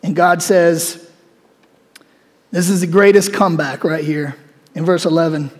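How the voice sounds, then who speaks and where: A male preacher giving a sermon in a conversational, animated way, acting out scripture as he goes. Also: a little high, a little slow. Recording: long hall reverb.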